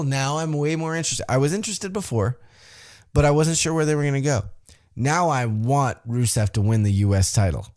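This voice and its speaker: A man's voice: lowish voice, normal speed, darkish tone. A man hosting a podcast, giving a casual, rambling and enthusiastic recap of a show. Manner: rambling, enthusiastic, loose with fillers. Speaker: podcast host.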